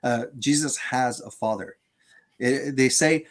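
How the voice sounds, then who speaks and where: A man in a conversational debate on theology, speaking haltingly with frequent fillers and restarts. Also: mid-range voice.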